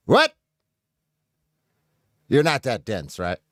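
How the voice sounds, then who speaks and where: A man's voice: mid-range voice, big pitch swings, moderate pace, no room sound, studio quality. A man reacting to a clip in casual commentary, profane, sarcastic and combative.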